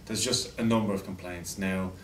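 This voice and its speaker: Deep-voiced man, dry mock-formal farewell, hesitant, echoey room and distant mic. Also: normal speed. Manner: deadpan, hesitant with many fillers. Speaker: colleague giving a leaving message. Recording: roomy echo, mic far off, faint noise.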